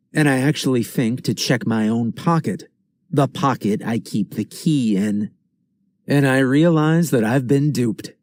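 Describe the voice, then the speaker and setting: A man narrating a first-person story in a measured, tense way. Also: mid-range voice, darkish tone, dry recording, studio quality.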